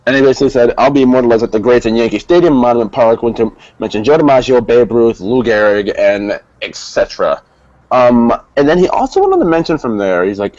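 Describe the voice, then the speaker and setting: A man's voice: medium pitch, expressive, quick pace, a little mellow, dry recording, lo-fi sound. A man co-hosting a casual wrestling review, explaining and speculating about storylines. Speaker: co-host. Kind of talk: casual chat.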